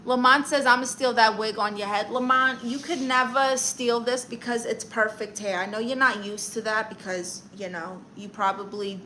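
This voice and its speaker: A woman's voice: fairly high pitch, steady tone, bright, forceful tone, a little hiss or hum, low-quality recording. A woman playing a sassy, vain aunt who calls herself a therapist. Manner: sassy, boastful, fast comebacks. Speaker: livestream comedian reading chat. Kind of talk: in-character livestream chat.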